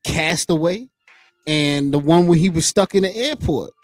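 A man co-hosting a comedy podcast, dropping wisecracks and deadpan asides. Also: fairly high pitch, a little slow, no echo, faint music behind. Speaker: podcast co-host. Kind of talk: casual comedic podcast chat.

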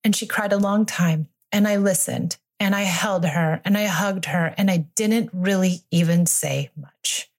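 A woman's voice: mid-range voice, unhurried, hardly any pauses. A woman hosting a solo parenting podcast, speaking in a reflective, earnest way and sometimes acting out conversations. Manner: reflective, earnest, acts out dialogue. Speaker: podcast host and family therapist.

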